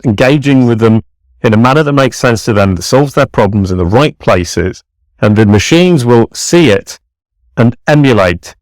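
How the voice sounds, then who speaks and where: A man's voice: fairly low pitch, darkish tone, dry recording. A man with a British accent, a podcast guest explaining his ideas in an upbeat, emphatic way. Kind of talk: podcast interview.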